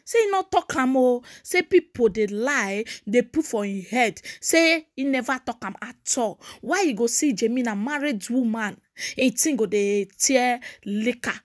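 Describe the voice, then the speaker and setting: Animated Nigerian woman gossip host. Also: on the high side, unhurried. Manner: animated, mocking, sing-song repetitions. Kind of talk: casual celebrity gossip commentary.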